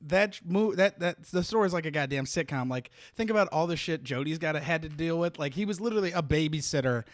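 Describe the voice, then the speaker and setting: A man's voice: fairly high pitch, expressive, fast, few pauses, no room sound, clean studio sound. A man hosting a podcast, chatting casually and laughing along. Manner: laughing, backchanneling. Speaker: podcast host. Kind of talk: casual chat.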